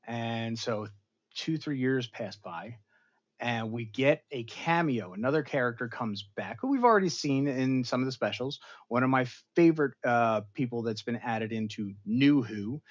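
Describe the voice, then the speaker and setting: Animated man rambling through a recap. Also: dull audio. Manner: animated, rambling storyteller with big swings in pitch and loudness. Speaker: pop culture show host. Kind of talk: casual episode recap livestream.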